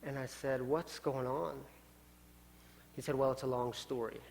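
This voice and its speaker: Pastor preaching with dramatic hushes. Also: male voice, medium pitch, fairly even intonation, measured pace, creaky, slight background noise. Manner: dramatic shifts from loud to hushed. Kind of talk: storytelling sermon. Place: church sanctuary. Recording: long church hall reverb.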